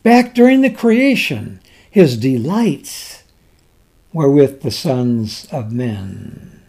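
A male preacher who delivers a sermon at an unhurried pace, letting his voice rise and fall widely. His tone is mellow and warm, and he reads scripture in old-fashioned wording with dramatic swells in loudness. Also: mid-range voice, very animated, husky.

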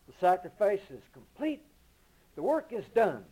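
A man preaching a sermon with emphasis, rising to loud declarations and dropping to low murmurs, reading scripture slowly and deliberately. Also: very animated, low-quality recording. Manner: reads King James scripture slowly and deliberately.

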